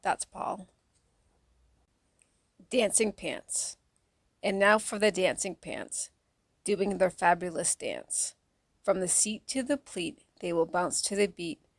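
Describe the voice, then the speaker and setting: A woman reading children's poems aloud in a soft, unhurried, even way, close to the mic. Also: on the low side, creaky, dry recording. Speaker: audiobook reader.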